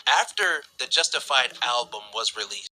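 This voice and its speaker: A man telling a story to his viewers in casual chat, rambling and animated. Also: mid-range voice, moderate pace, low-quality recording. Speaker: YouTube reactor.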